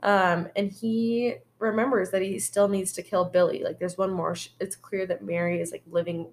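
A woman's voice: medium pitch, flat delivery, normal speed. Chatty woman recapping a movie. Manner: rambling storyteller, heavy on "like" and swearing. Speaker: podcast co-host.

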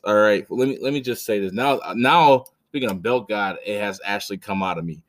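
Low-voiced blunt, profane male podcaster. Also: fairly quick, few pauses. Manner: blunt, profane, rambling with restarts. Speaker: podcast host. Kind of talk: casual podcast storytelling.

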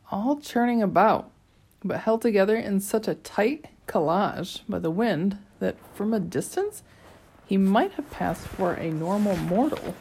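A woman's voice: mid-range voice, vocal fry, a little mellow, breathy edge. A woman reading an audiobook chapter aloud, telling it in the first person with a dry, wry tone. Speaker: audiobook narrator. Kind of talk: scripted narration.

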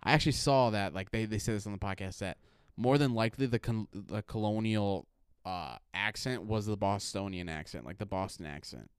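A man's voice: on the low side, fairly quick, hardly any pauses, smooth, dry recording, studio quality. A man with a Midwestern accent co-hosting a casual podcast, rambling and filling his talk with "like". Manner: rambling, heavy use of "like". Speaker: podcast co-host.

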